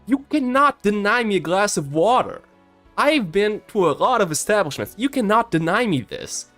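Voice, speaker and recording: A young man putting on the voice of an entitled, angry middle-aged woman customer, shrill and demanding. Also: big pitch swings, normal speed, a bit bright, faint music behind. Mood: indignant.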